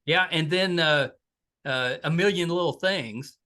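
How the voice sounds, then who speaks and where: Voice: mid-range voice, measured pace, bright, forceful tone. A podcast host interviewing a guest in a casual, joking way, with frequent uhs and restarts. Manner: chatty, joking, filler-heavy.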